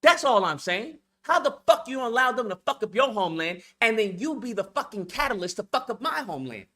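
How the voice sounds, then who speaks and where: A man's voice: high voice, big pitch swings, fairly quick, sharp tone. A man delivering a profane, confrontational rant to the camera for his video channel. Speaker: YouTube commentator. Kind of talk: ranting vlog monologue.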